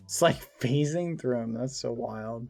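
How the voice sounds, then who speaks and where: A man's voice: measured pace, vocal fry, music in the background. A man streaming a survival game, chatting casually and yelping when startled. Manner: excitable, yelps up high when startled. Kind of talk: casual gaming chat.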